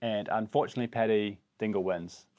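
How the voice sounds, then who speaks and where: A young man with a low voice and a dry, teasing way of talking. He nudges the chat along and runs the tasting as co-host of a casual podcast. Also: fairly quick, dark tone, lo-fi sound.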